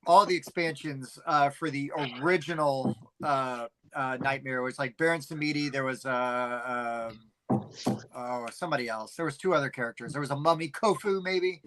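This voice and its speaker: Bright, lively middle-aged man chatting. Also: medium pitch, normal speed, a little hiss or hum, rough recording. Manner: rambling animated storytelling with many fillers. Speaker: podcast co-host. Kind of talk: casual chat.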